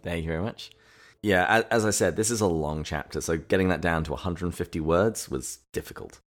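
A man co-hosting a casual podcast, summarizing chapters and reflecting on them in a relaxed, thoughtful way. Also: sits low, a little fast, soft background music. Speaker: podcast co-host. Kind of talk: casual book-discussion podcast.

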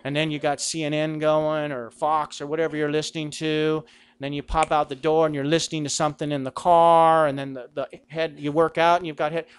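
In a conversational talk about Christian vocation, a middle-aged Catholic speaker poses rhetorical questions and performs quoted lines with a raised voice. He has a fairly high, smooth voice with a flat delivery and a brisk pace.

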